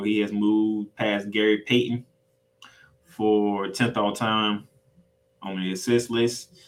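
Excitable, swearing male sports podcaster. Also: medium pitch, poor audio. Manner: emphatic, excitable, swears freely; casual slangy delivery with frequent restarts. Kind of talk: solo sports recap monologue.

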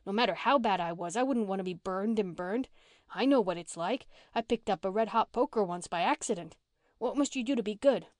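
A woman's voice: medium pitch, a little fast, no echo, studio quality, lightly acted. A woman reading an audiobook and voicing a blunt, touchy orphan girl who talks in country slang.

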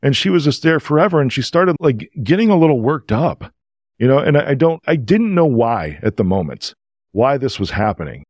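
A man, a podcast guest, telling a story in an animated, emotional, casual way. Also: medium pitch, brisk, dry recording.

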